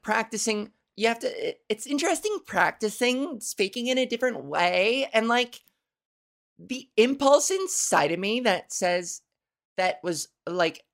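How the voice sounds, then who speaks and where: Slow, gravelly woman podcast host. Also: a little high. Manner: rambling, self-mocking, laughs at own jokes. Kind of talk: casual solo podcast chat. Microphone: studio microphone.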